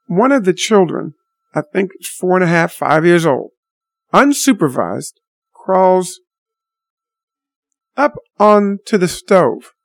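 A man's voice: high-pitched, sing-song, takes it slowly, pauses often, no echo. Blunt, indignant man talking to viewers. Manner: blunt, indignant storytelling with mild swearing. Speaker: vlogger addressing viewers. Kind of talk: unscripted spoken monologue.

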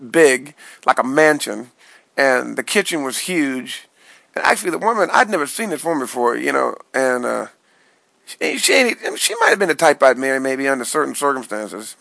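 A man telling a wild dream story as a casual vlog monologue, excitable and swooping between high yelps and low mutters, in a small dry room. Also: fairly quick, creaky, no echo, poor audio. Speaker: vlogger recounting a dream.

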